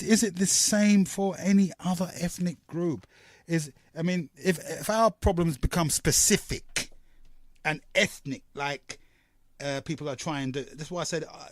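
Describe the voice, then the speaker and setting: A man from hosting a call-in radio talk show, rambling and halting with many fillers. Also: a little high, no room sound, clean studio sound.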